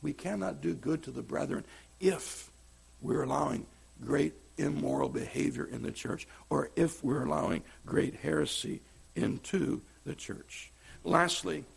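A man preaching a sermon as pastor, swinging between loud emphatic stress and quiet asides. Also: on the high side, gravelly, husky.

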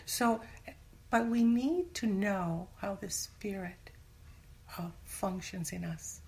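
Her voice is mid-range with a darkish tone, at normal speed, as the Christian teacher continues her conversational Bible teaching. Earnest throughout, she sometimes whispers to stress a point and mimics ordinary people's voices in her quotes.

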